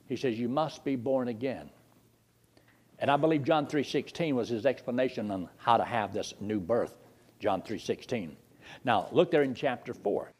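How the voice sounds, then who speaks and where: Male preacher, high and very lively voice, sermon delivery with rhetorical questions and scripture reading. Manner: rises and drops sharply for emphasis, reads scripture aloud, asks the listeners questions.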